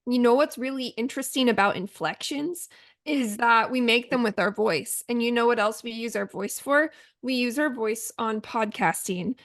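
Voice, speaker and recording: A woman's voice: fairly high pitch, fairly bright tone, dry recording, clean studio sound. A young adult woman from Oregon, co-hosting a podcast in casual chat with a chatty, upbeat manner. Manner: chatty, upbeat, quick asides. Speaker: podcast co-host.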